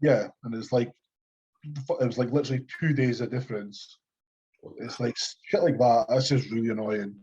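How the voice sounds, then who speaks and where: A man's voice: mid-range voice, steady tone, moderate pace, mellow, husky, lo-fi sound. A Scottish man co-hosting a podcast, chatting casually in a blunt, sweary, dismissive way. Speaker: podcast co-host. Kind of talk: casual chat.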